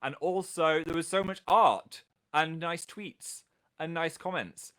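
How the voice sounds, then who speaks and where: A man's voice: fairly high pitch, takes it slowly, sharp tone. A man hosting a casual livestream, chatting playfully and reading out viewers' comments with a jokey, self-mocking manner. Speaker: livestream host.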